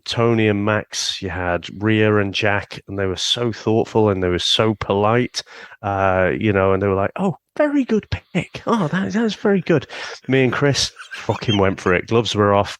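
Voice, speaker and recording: A man's voice: on the low side, clean tone, no room sound. A man in his fifties, a podcast guest in casual chat, jokey and swearing freely.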